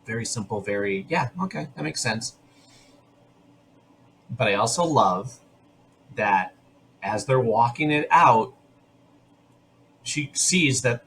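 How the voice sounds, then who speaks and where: A man's voice: medium pitch, slow pace, long pauses, a little hiss or hum, rough recording. A man hosting a podcast, casually recapping a TV episode with lots of asides. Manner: animated storytelling with asides. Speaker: podcast host.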